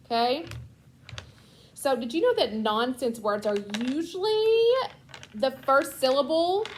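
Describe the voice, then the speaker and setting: Encouraging reading tutor woman, slightly high. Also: a little mellow, slight background noise. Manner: patient, encouraging, bursts of praise. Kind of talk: one-on-one reading lesson with a child.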